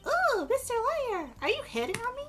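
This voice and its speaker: Coy teasing young witness, super high, bouncy sing-song, game music faint underneath. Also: female voice, big pitch swings, fairly quick, fairly bright tone, heavily acted. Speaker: streamer voicing game dialogue.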